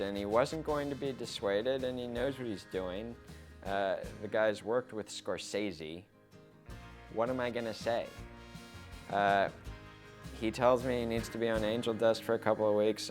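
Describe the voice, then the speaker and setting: Man, lowish voice, matter-of-fact and resigned, faint guitar behind. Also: expressive, moderate pace, darkish tone. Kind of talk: deadpan mock interview.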